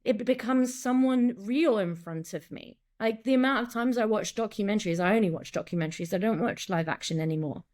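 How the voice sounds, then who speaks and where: Animated woman director talking shop. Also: mid-range voice, brisk, hardly any pauses. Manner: animated, acts out lines and quotes, many restarts. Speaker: director and acting coach. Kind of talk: casual interview talk.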